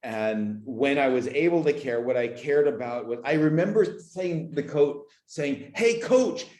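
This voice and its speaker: A man in his forties from Canada speaks haltingly as a podcast guest, circling back and repeating words as he feels his way through a memory. His voice sits in a middling register, and he sounds emotional, at times choked up. The recording has a roomy, echoey sound. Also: medium pitch, a little mellow. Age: 40s. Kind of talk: reflective conversational interview.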